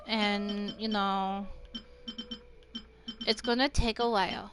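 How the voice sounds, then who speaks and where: A woman's voice: mid-range voice, takes it slowly, pauses often, bright, forceful tone. A woman streaming a game live, chatting casually with viewers and swearing freely as she plays. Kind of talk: casual live-stream chat while gaming. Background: game music.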